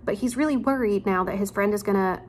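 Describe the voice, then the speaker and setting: A woman's voice: medium pitch, quick pace, darkish tone, slight background noise. A woman teacher at home, chatting casually with her students and retelling a story in an informal way, with frequent ums and asides. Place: at home, near a laundry room.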